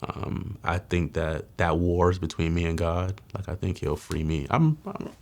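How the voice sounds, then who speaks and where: A man recounts his past in candid, slangy street talk. His voice sits very low and gravelly, with plenty of fry. He often drops to a hushed, near-whispered tone when the story turns heavy. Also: unhurried. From Mount Vernon, New York. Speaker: guest telling his life story. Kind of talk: candid testimony.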